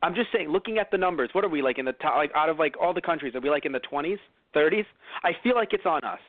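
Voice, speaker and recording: A fairly high-voiced man from the United States chats loosely on a podcast, rambling through fillers and restarts. The sound is dry and narrow, like a phone line. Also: lively intonation, fast talker, no echo. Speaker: podcast co-host. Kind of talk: casual chat.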